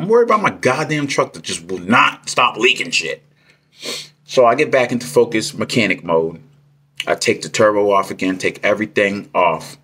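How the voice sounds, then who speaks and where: A truck driver telling a story in a casual vlog, ranting with heated, profane language. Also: male voice, low voice, a bit bright, breathy edge.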